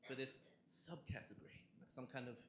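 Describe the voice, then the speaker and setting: A young man doing a stand-up comedy set, chatty and animated, asking the crowd questions on a club stage. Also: medium pitch, a little fast. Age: young adult. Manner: conversational, animated punchlines, asks the crowd questions. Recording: echoey club with crowd noise.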